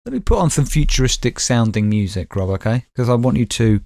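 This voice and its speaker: A British man co-hosts a casual comedy podcast, reading news items aloud. He hams up the reading with mock-dramatic flourishes and jokes along the way. His pitch sits in a middle range. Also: big pitch swings, fairly quick, gravelly, mellow, dry recording, clean studio sound. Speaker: podcast co-host.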